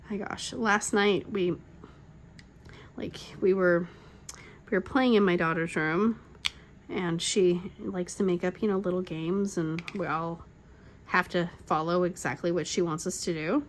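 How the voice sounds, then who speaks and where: A woman's voice: lowish voice, steady tone, a little slow, a little hiss or hum. A middle-aged woman hosting a crafting channel, telling stories in casual chat, rambling with lots of "like" fillers and frequent laughs. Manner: chatty, rambling, full of "like" fillers.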